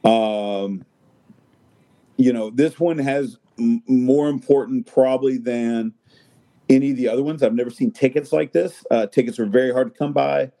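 A man's voice: medium pitch, moderate pace, gravelly, dark tone. A man talking soccer in a loose, rambling way, with lots of fillers and restarts. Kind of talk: casual chat.

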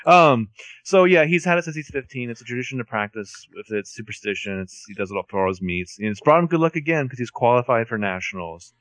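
A man with a lively, swooping voice tells the story of the episode in casual chat, dropping quips along the way. The sound is close and dry, with no room around it. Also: medium pitch, fast talker, no room sound. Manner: expressive, joking, narrates plot beats with quips. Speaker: podcast co-host recapping a TV episode.

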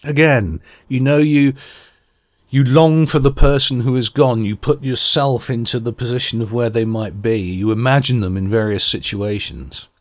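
A man's voice: mid-range voice, steady tone, moderate pace. Earnest man reviewing music. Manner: reflective, earnest, searching for words. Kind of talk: radio album review commentary.

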